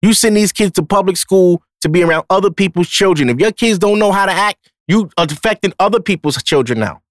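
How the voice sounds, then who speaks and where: A man's voice: high voice, animated, a little fast, no echo, clean studio sound. A man hosting a podcast, talking casually in a blunt, profane, emphatic way. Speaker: podcast host. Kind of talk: casual monologue.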